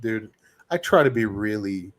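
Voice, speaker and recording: A man's voice: lowish voice, lively intonation, a little slow. A man who makes gun videos, chatting casually in a rambling, filler-heavy, self-mocking way. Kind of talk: casual chat.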